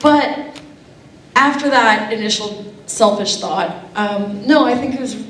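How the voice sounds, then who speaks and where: A woman's voice: fairly high pitch, slow pace, distant mic. A young woman, an actor guest on a convention panel, chatting casually with frequent laughs. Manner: chatty, laughs often, lively asides. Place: convention hall. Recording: echoey hall, picked up from afar.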